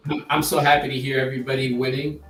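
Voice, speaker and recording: A man talking in an earnest, halting way, stumbling over the first words of his sentences. He sits well back from the mic in an echoey room, with soft music playing underneath. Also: mid-range voice, flat delivery. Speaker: guest, group member. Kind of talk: casual chat. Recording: roomy sound from far off the mic.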